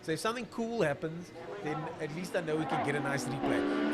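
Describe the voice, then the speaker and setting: A man calls a drag racing event live on a stream, talking loosely and thinking out loud. He fills the pauses with easy chatter while he searches for drivers' names, and his voice sits a little higher than most men's. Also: a little hiss or hum.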